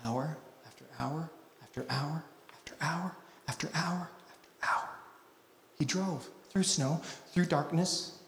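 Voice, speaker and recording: A man from Utah preaching a sermon, swinging between hushed, intimate lines and loud, emphatic ones. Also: on the high side, measured pace, long pauses, a little hiss or hum. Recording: echoey hall.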